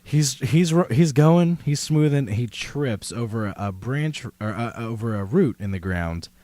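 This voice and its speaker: A man running a tabletop game as game master, telling the scene in a loose, rambling way. His voice swings widely in pitch and sits at a middling register. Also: unhurried, no echo. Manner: lively, rambling, laughs often.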